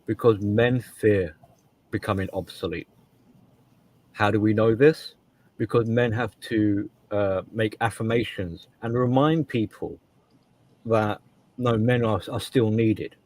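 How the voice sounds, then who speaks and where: A man's voice: lowish voice, slow pace, darkish tone. A man co-hosting a casual podcast discussion, talking emphatically and often restarting and repeating his words. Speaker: co-host.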